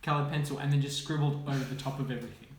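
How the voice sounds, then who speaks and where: A man, a children's author, reading his own picture book aloud with playful, animated commentary and sound effects. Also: medium pitch, racing. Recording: echoey room, faint noise.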